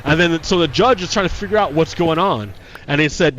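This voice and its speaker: A man's voice: fairly high pitch, moderate pace, fairly bright tone, slight background noise. A man talking casually on a livestream, heated and profane, often repeating himself. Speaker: streamer.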